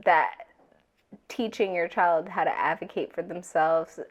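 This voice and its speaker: A woman's voice: fairly low pitch, a little slow, dull audio. Chatty mom acting out her kids. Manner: warm storytelling, acts out her kids' voices. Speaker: podcast co-host. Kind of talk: casual chat.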